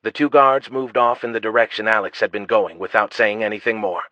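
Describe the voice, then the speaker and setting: A man narrating a fantasy audiobook in a steady, even storytelling manner. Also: fairly low pitch, brisk, dry recording. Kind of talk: scripted narration. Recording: dull lo-fi dry audio.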